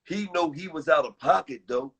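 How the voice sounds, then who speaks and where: Man, guest, husky voice, slightly high, animated storytelling. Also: normal speed, low-quality recording. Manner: laughing, animated retelling with quoted lines. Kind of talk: casual storytelling chat.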